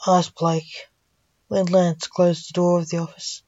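Slow-reading woman storyteller. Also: fairly low pitch, level tone, darkish tone, no room sound. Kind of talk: reading her own fan story aloud. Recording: dull dry lo-fi recording.

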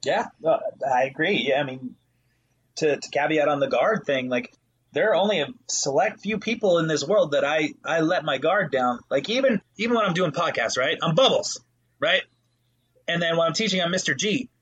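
A man co-hosting a podcast chats casually, telling animated stories packed with profanity. His voice is a little high and his pace moderate, on lo-fi audio with slight hiss or hum.

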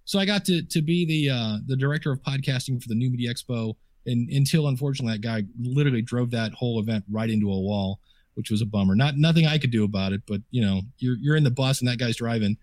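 A man's voice: mid-range voice, fast, a little mellow, no echo, studio quality. A man guesting on a podcast interview, telling chatty anecdotes full of quoted dialogue and fillers. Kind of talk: casual storytelling interview. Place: home office desk.

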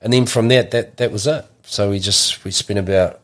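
A man's voice: lowish voice, normal speed, fairly bright tone. A man, telling a long personal story in casual chat, rambling with many restarts. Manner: rambling, restarts often, acts out quotes.

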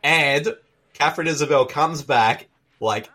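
A man co-hosting a casual movie commentary podcast, jokey and quick to laugh. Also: on the high side, pushed and bright. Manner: jokey, laughs often, swings up and down. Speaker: podcast co-host.

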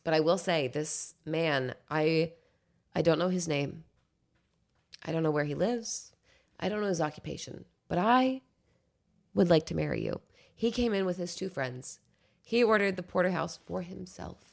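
A young woman chatting casually as a podcast guest, animated and swearing freely, sometimes dropping into soft cooing whispers. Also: lowish voice, normal speed, creaky. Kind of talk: casual chat.

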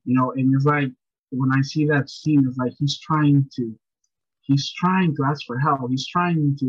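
Husky-voiced man, rambling casual chat. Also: mid-range voice, fairly even intonation, unhurried, no echo, muffled recording. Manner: rambling, repeats words and restarts, says "you know" often. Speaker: podcast guest. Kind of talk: casual movie review chat.

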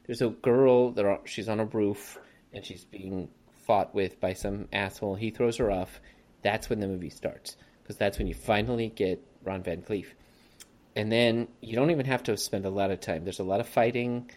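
A man's voice: fairly low pitch, fairly even intonation, moderate pace, a little mellow. A man hosting a casual podcast about a movie, rambling and laughing often. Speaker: podcast host. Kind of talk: casual movie review chat.

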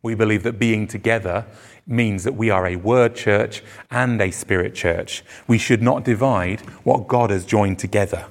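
A man's voice: lowish voice, normal speed. A man preaching a sermon to his congregation, earnest and emphatic, his phrases rising on key words. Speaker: pastor. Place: church service venue.

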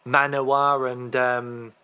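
A man co-hosting a podcast, telling a story in a chatty, animated way. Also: mid-range voice, extremely slow, clean tone, muffled recording. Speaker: podcast co-host. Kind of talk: casual chat.

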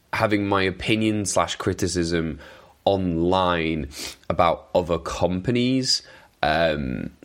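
Low-voiced man, hesitant talk. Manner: hesitant, with fillers and self-corrections. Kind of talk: casual talk to camera.

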